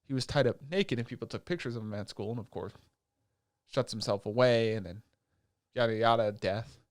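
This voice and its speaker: A man's voice: mid-range voice, a little fast, no room sound, clean studio sound. A man co-hosting a podcast, casually recapping an anime with lots of swearing, acting out the characters' lines as he goes. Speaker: podcast co-host.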